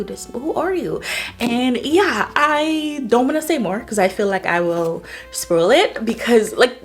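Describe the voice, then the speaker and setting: A woman in a casual book-review vlog, gushing and chatty, her talk full of "like" fillers. Her voice sits at a middle pitch, with soft music faintly underneath. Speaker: book vlogger.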